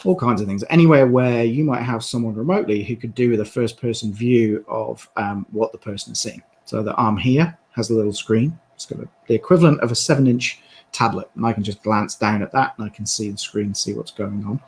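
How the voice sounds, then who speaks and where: A man with a British accent giving a halting live product demo, with many fillers and restarts. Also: on the low side, a little mellow, rough recording. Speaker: presenter demonstrating a headset.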